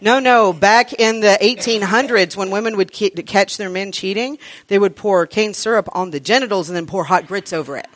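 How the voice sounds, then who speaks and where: A woman's voice: medium pitch, moderate pace, hardly any pauses, no room sound. Woman, class teacher, blunt and foul-mouthed, emphatic, dry close sound. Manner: brash, profane, frank; emphatic, repeats lists for effect. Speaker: workshop teacher. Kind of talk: live class talk to an audience.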